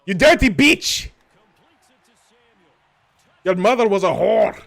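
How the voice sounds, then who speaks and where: A man's voice: high voice, lively intonation, slow, gravelly, voice pushed up, full character voice. A man putting on a bellowing crude Scotsman. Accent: put-on Scottish. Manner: loud, bellowing insults. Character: crude shouting Scottish man in a pub.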